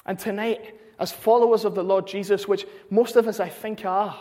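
A man's voice: sits high, fairly even intonation, moderate pace, dark tone. Male preacher, earnest sermon, repeated emphatic lines, echoing hall. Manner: earnest, repetitive emphatic phrasing. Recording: long hall reverb.

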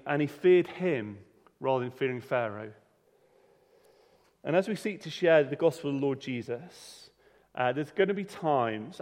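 A man's voice: medium pitch, a little mellow. A man preaching a sermon in a conversational way, often restarting and repeating words. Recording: reverberant hall.

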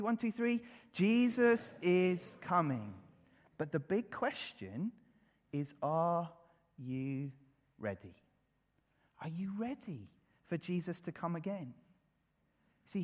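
A man giving an animated children's sermon, leading the congregation in call-and-response. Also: high voice. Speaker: preacher. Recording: long hall reverb.

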